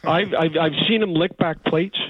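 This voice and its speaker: A man calling in as a hockey insider guest, talking in quick, stammering bursts full of restarts. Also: on the high side, slightly rough, no echo. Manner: excitable, stammering, rapid restarts. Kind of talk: casual radio chat by phone. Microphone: phone line. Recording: tinny phone line.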